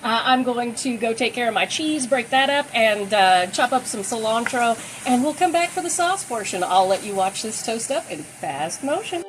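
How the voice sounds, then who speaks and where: A woman's voice: a little high, animated, moderate pace, few pauses, slight background noise, rough recording. A woman giving a casual, chatty cooking demonstration in her home kitchen, talking while she works. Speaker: cooking vlogger.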